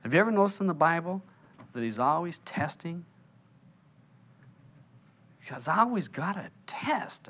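A man with a somewhat high voice giving a seminar sermon. He talks in a loose, playful, storytelling way, stretching out key words for emphasis. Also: sing-song, a bit bright. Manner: conversational, playful storytelling with slow, drawn-out emphasis. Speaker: spiritual teacher.

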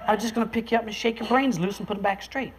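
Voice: mid-range voice, fairly even intonation, very fast, crowd noise. A speaker, casually telling a story to listeners, chuckling often and acting out the voices of the people in it. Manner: folksy, chuckles between lines, acts out quoted voices.

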